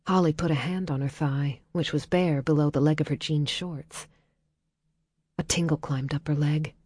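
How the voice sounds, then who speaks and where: A woman reading a novel aloud as audiobook narrator in a calm, measured way, dropping soft in tender passages. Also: sits low, husky, no room sound, studio quality. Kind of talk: scripted narration.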